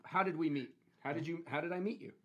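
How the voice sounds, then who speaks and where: A man hosting a podcast interview in a casual, joking style, teasing his guest and chiming in often. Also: on the high side. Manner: joking, quick to tease and chime in. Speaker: podcast host.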